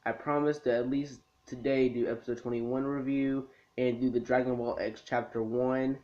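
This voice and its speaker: On a slightly muffled lo-fi recording, a man recaps a cartoon episode for his anime review video, rambling and laid-back with plenty of ums and restarts. His medium-pitched voice is a little mellow, moves little in pitch, and keeps a moderate pace.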